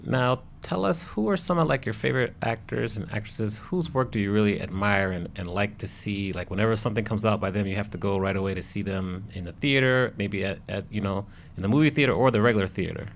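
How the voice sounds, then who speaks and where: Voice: low-pitched, fast, vocal fry, hardly any pauses. Upbeat interview host with light background noise. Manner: upbeat, laughs along, loose phrasing. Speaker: podcast host. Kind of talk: casual interview.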